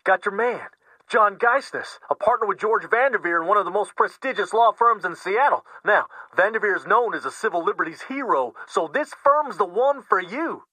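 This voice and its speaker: Brash, swearing activist pal, high and swooping, bright edge, dry sound, played by a man. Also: expressive, normal speed, no echo, full character voice, rough recording. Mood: eager. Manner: blunt, profane and indignant. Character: fiery outspoken middle-aged male activist friend.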